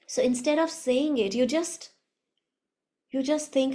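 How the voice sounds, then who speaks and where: Slow, soft-spoken woman teaching spirituality. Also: high-pitched, steady tone. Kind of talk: spiritual talk.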